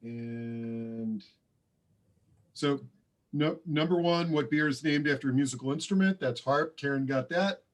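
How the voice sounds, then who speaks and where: A man with a medium-pitched, unhurried voice co-hosts an online party over a video call. He runs the slideshow and quiz and reads the answers in a friendly, hesitant, casual way, with lots of fillers.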